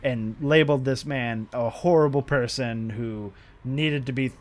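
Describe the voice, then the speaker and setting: A man's voice: medium pitch, a little slow. Rambling, frustrated American man. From United States. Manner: rambling, frustrated, profane, with many restarts. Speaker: gaming channel host. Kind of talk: off-the-cuff commentary over gameplay.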